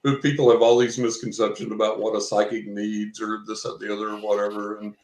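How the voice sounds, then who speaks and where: A man's voice: lowish voice, level tone, a little fast, darkish tone, slight background noise. An older man, a guest psychic, chatting casually in a folksy, chuckling way and acting out the dialogue he quotes. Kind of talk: casual interview chat. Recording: roomy echo.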